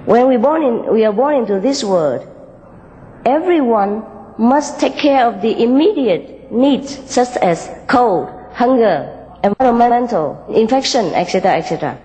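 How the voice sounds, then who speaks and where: A woman telling a moral fable and giving a spiritual talk, gently and with frequent small laughs, in loosely built English. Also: on the high side, animated, unhurried, long reverb tail, rough recording. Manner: gentle, laughs often, unpolished English grammar.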